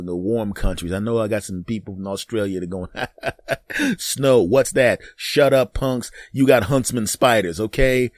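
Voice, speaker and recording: A man's voice: lowish voice, no echo, clean studio sound. A man in his fifties hosting a comedic podcast monologue, brash and trash-talking, laughing at his own jokes. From Northeastern US. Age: 50s. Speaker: podcast host.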